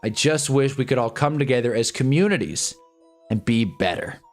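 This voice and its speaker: A man's voice: mid-range voice, animated, normal speed, soft background music. A man in his twenties ranting casually on a livestream, rambling and joking with frequent laughs. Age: 20s. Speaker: livestream host.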